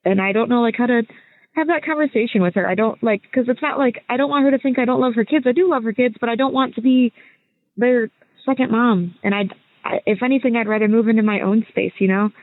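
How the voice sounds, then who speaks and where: A woman's voice: fairly high pitch, quick pace, no echo. Woman, 20s, podcast caller voice memo; rambling, hesitant, tinny phone audio, dry. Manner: rambling, hesitant, self-interrupting. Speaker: listener caller sending a voice message. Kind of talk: casual recorded voice message. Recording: thin phone-line sound.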